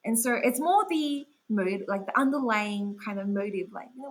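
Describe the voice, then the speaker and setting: A woman's voice: on the high side, animated, moderate pace, husky, rough recording. A young woman chatting as an interview guest, talking casually with lots of fillers. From Australia. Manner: chatty, full of "like" fillers and laughs. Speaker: guest artist.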